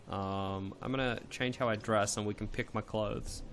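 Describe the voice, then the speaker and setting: A man streaming a game live, chatting casually and playfully with his chat, swearing now and then and swooping up in pitch when excited. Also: normal speed, faint music behind.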